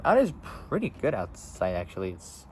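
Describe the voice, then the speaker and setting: A man's voice: low-pitched, huge pitch swings, normal speed, a little mellow, a little hiss or hum, low-quality recording. A seventeen-year-old boy vlogging outdoors, rambling casually with lots of fillers and restarts. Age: teens. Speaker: YouTuber. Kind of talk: casual vlog.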